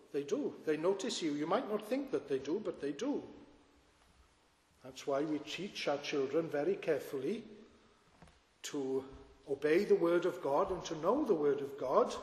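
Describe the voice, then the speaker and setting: A man preaching a sermon as pastor, earnest and full of rhetorical questions to his congregation. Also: a little high. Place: church. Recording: echoey church with long reverb.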